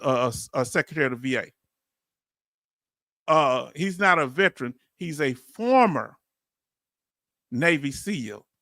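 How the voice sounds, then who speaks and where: Guy running a live commentary stream, high bright voice, slangy and fired up, dry sound. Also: dry recording. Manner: animated and preachy, calls on viewers; casual slangy speech. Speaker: channel host. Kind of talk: livestream commentary talking to chat.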